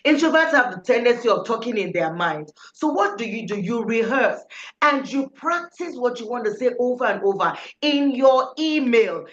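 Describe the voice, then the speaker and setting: A woman teaching public speaking to a live class, coaching directly and acting out examples. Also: a little high. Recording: echoey room, dull lo-fi sound.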